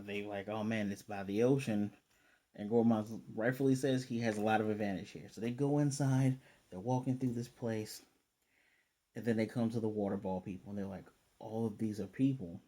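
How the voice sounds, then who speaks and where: A young man casually recapping a cartoon episode, rambling and slipping into quick quoted asides. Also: mid-range voice, dark tone. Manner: rambling, retells scenes with quick voiced asides. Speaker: anime reviewer.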